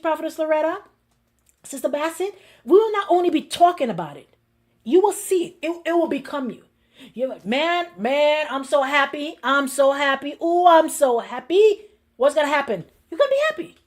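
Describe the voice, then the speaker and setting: A woman pastor preaching a sermon in a lively, conversational way, acting out inner voices and laughing along. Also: high-pitched.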